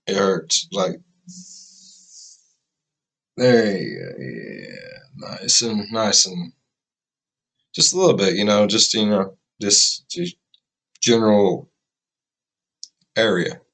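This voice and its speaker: A man's voice: lowish voice, lively intonation, takes it slowly, pauses often, fairly bright tone, husky. A man hosting a reaction video, talking in a casual, rambling way. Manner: rambling and chatty.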